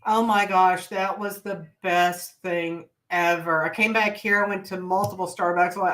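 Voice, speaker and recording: A woman co-hosting a casual chat, telling a relaxed, rambling story with fillers and restarts. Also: on the low side, moderate pace, few pauses, low-quality recording. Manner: relaxed, rambling, loses her thread with fillers. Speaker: podcast co-host.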